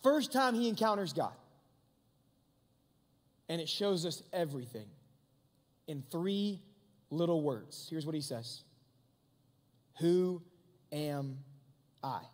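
A young man with a high voice preaches to a youth crowd in a relaxed, animated way. He often turns to ask the crowd questions. His voice rings out through the long reverb of a large hall. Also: measured pace, pauses often. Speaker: youth pastor. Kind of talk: youth sermon. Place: large hangar used as a church hall.

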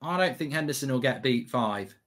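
A man giving excitable, sweary live reaction commentary as a streamer, half talking to himself. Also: mid-range voice, fairly quick.

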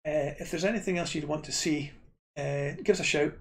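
A man's voice: fairly high pitch, fairly quick. A Scottish man streaming retro games, chatting casually and rambling to his viewers with frequent restarts.

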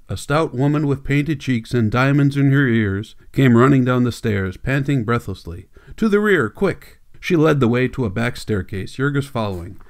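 A man reading a classic novel aloud as an audiobook narrator, in measured, steady storytelling. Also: mid-range voice. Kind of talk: scripted narration.

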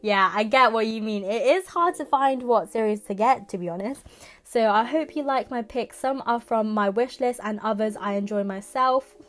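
A young woman, unboxing a parcel in a casual vlog, giddy and excitable with exaggerated reactions. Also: on the high side, moderate pace. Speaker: manga vlogger.

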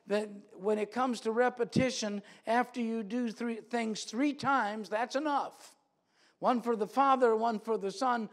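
A man preaching a sermon in a church, earnest and repeating phrases for emphasis. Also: sits high.

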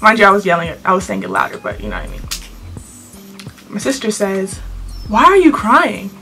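A teenage girl telling a storytime vlog to her camera in an animated, sassy way, full of slang. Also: medium pitch, fast, soft background music. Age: teens. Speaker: vlogger.

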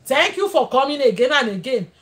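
A woman's voice: sits high, big pitch swings, fairly quick, a bit bright. A Nigerian woman hosting a live stream in casual chat, laughing often and switching into pidgin as she thanks viewers. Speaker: livestream host.

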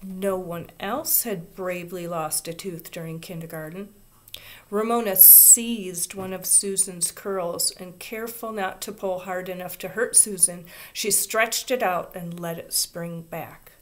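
A woman reading a children's chapter book aloud in a soft, expressive, unhurried voice. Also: lowish voice. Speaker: reader. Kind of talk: storybook read-aloud.

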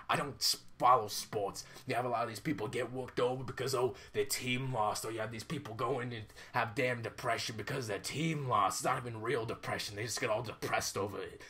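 A man's voice: medium pitch, sharp tone. A man ranting on his vlog, swearing often and sounding fed up as he talks to the camera. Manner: profane, exasperated ranting. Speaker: vlogger.

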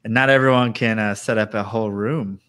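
A man's voice: on the low side, steady tone, fairly quick, a bit bright, smooth. A man hosting a casual interview, asking easygoing questions and adding brief reactions.

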